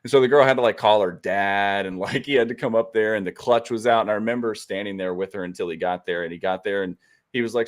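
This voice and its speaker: A man's voice: lowish voice, fast talker. A man co-hosting a live talk show, chatting casually and telling stories with easy laughs. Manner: chatty, laughs easily, storytelling. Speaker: co-host. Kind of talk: casual chat. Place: home studio on a live stream.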